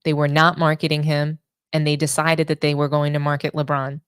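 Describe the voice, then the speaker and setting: A woman's voice: deep voice, flat delivery, brisk, clean tone, dry recording, studio quality. A young adult woman hosting a sports show, delivering opinionated commentary with indignant, sarcastic rhetorical questions.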